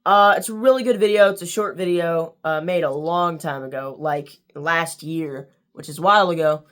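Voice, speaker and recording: A man with a monotone voice signing off a casual book review video, rambling with many fillers and restarts. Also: on the high side, moderate pace.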